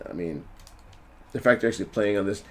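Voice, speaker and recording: A man's voice: fairly low pitch, a little fast. A man casually recapping a TV episode at home, rambling and self-deprecating, with lots of fillers.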